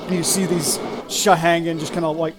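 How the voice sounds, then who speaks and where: A game master narrating a tabletop game in a relaxed, halting way with many fillers. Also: medium pitch, over music, low-quality recording.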